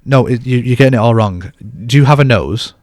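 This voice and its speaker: A man's voice: mid-range voice, a little fast, a little mellow, no echo, studio quality. A man co-hosting a podcast, chatting casually in a bantering, self-deprecating way. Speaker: podcast co-host.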